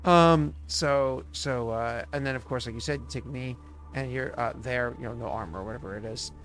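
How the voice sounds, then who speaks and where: A man's voice: medium pitch, normal speed, fairly bright tone, faint music behind. A man narrating as game master, rambling and filled with ums and uhs.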